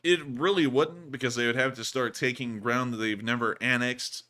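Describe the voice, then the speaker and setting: A man's voice: mid-range voice, fairly even intonation, moderate pace, sharp tone. A man hosting a casual livestream chat, talking in a drawling, folksy way while feeling unwell. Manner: drawling, folksy, repeats thank-you phrases. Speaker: livestream host.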